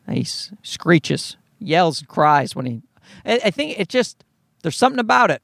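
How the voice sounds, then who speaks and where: A man with a high, lively voice rambles through a comic story as a podcast host. He swears freely and keeps a sarcastic edge. The sound is close and dry. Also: moderate pace, gravelly, no echo. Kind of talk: comedic storytelling monologue.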